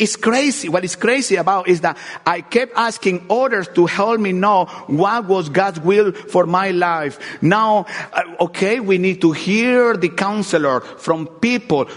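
A middle-aged man preaches a sermon, his voice pitched a little high. He talks earnestly, repeats words, and drops to a hush before rising loud again. His voice carries a long reverb, as if in a large hall. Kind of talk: sermon with personal testimony.

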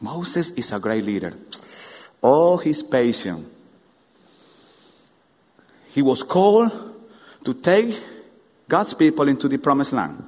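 A man preaching a sermon, animated, firing rhetorical questions at the congregation. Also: medium pitch, slow, pauses often. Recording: long hall reverb.

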